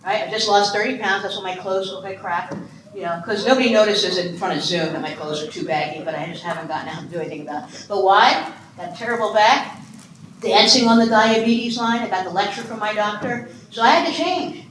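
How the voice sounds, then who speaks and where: An Ohio woman in her sixties gives an animated, funny keynote on adoption in a conference hall, quizzing her audience as a speaker on foster care and adoption. Her medium-pitched voice runs a little fast, chatty and self-deprecating, in an echoey room with faint noise.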